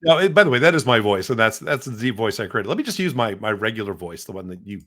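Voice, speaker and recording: A man's voice: lowish voice, sing-song, fast talker, a bit bright. A middle-aged man hosting a podcast, explaining as he goes in a loose, rambling way with many restarts. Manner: rambling, frequent restarts and repeated words. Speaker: podcast host. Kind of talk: casual podcast demo.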